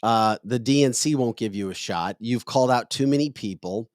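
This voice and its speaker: A man's voice: mid-range voice, normal speed, no room sound, studio quality. Emphatic joking male podcast host. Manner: emphatic, joking, lectures in a scolding tone. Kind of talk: casual political chat.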